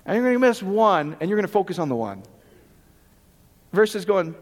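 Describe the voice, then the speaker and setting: High-voiced animated male preacher in a hall. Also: normal speed. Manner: animated, jokey, rhetorical questions. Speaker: pastor. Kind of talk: sermon.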